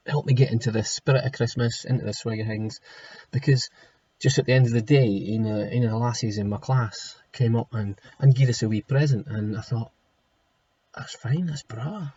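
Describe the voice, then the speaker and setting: A man's voice: medium pitch, warm tone, slightly rough, dull audio. A man with a Scottish accent, a primary school teacher who chats homely and then reads a children's storybook aloud in broad Scots. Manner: homely, chatty, rolls into broad Scots words. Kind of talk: casual chat then reading a storybook aloud.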